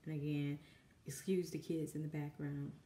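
A young Southern woman, an artist and mother, nervously talks through a painting at home while kids can be heard in the background. Her voice is low, dry, mellow and level at a moderate pace, full of self-conscious fillers. The room echoes and there's slight background noise.

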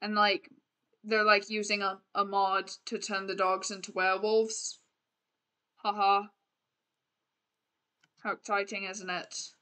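A woman's voice: mid-range voice, flat delivery, takes it slowly, pauses often, bright, forceful tone. A young woman streaming a game, chatting casually and playfully as she plays, rambling with lots of restarts. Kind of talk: casual gameplay commentary.

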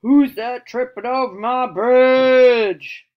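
A woman voicing a grumpy bridge troll who roars slowly in a storybook retelling. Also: a little high, muffled recording, voice pushed up. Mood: roaring. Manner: slow, roaring.

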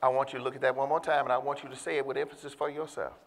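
A man preaching a sermon with emphasis, calling out to the congregation and slowing down to stress key words. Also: medium pitch, level tone, vocal fry, a crowd in the background. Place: church. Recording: long hall reverb.

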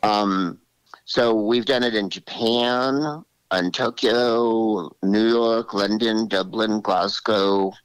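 A man in his sixties, a comedian guest telling animated stories in an interview and slipping into voices. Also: fairly low pitch, takes it slowly, clear, resonant tone, no room sound, poor audio. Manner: animated, drops into character voices. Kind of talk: storytelling interview.

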